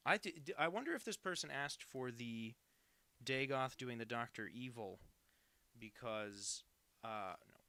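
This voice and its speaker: A young man hosts a live drawing stream, chatting loosely and poking fun at himself as he reads viewer messages aloud. His voice has a gravelly, fry-laden edge and a bright, forward tone. The sound is dry and close, with no room around it. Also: medium pitch, lively intonation, measured pace, no room sound. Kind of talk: casual live-stream chat while drawing.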